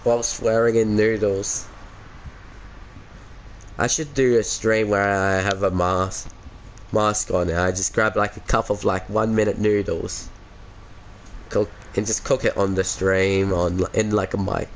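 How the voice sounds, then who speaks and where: A man's voice: lowish voice, fairly even intonation, measured pace, long pauses, a little hiss or hum. An Australian man chatting casually with viewers on a game stream through a headset mic, laid-back and chuckly, calling everyone mate.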